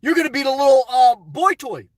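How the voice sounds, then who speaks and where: A man's voice: extremely high pitch, expressive, a little fast, dry recording, distant mic. A middle-aged man hosting a casual live stream, answering chat in a blunt, opinionated, rambling way.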